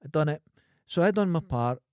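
A man's voice: on the high side, a little fast, clear, resonant tone, no echo, studio quality. A Scottish man co-hosting a podcast, telling stories in casual chat and acting out the people in them. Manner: animated, acts out people in his anecdotes. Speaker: podcast co-host.

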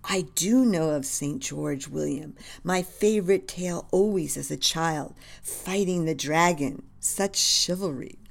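A woman voicing a gentle, devoted 18th-century lady who speaks admiringly. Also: low voice, measured pace, vocal fry, hardly any pauses, exaggerated voice. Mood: fond.

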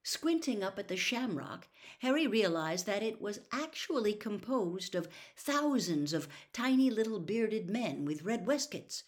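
Woman reading a storybook aloud, slow and lively, voice going up and down a lot. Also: fairly low pitch. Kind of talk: storybook read-aloud narration.

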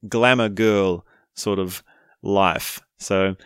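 A man talking casually on his own, chatty and quick to laugh, often ending lines with a questioning "right?". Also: sits low, steady tone, smooth, no echo, studio quality. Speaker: speaker explaining a topic. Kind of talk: casual monologue.

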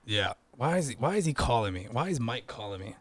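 A man with a rough, sandpapery voice, chatting casually as a podcast co-host and laughing often. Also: medium pitch, quick pace, no room sound. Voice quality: gravelly, sandpaper voice. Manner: laughs often, animated storytelling. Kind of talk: casual chat.

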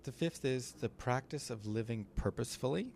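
A man co-hosting a casual podcast, thoughtfully explaining ideas step by step with small pauses and fillers. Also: medium pitch, gravelly, a little mellow, slight background noise. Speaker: podcast co-host.

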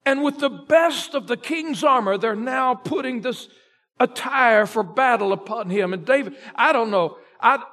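A male pastor preaching a sermon, retelling a story dramatically and swinging between loud emphasis and a near hush. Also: very high voice, a little slow.

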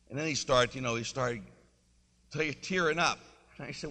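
Priest, male, mid-pitched, very bright tone; casual storytelling sermon, church reverb. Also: fairly quick. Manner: conversational, storytelling, leads congregation in repeating a phrase. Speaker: Catholic priest.

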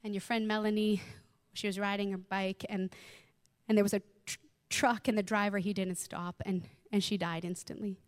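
A woman voicing a gentle mother who tells her daughter, in a soft, halting, serious tone, about an accident. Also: mid-range voice, level tone, dry recording, clean studio sound, close to an everyday voice. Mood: grave, gentle.

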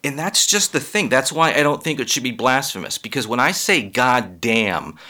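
A man's voice: medium pitch, animated, a little fast, pushed and bright. A man comedian delivering a rambling, profane comedic monologue and laughing at his own jokes.

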